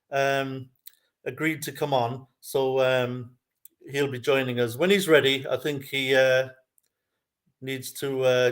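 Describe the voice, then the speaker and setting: Jokey Irish man hosting a live stream. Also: medium pitch. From Ireland. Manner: jokey, chatty, laughs often. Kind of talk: casual fan chat.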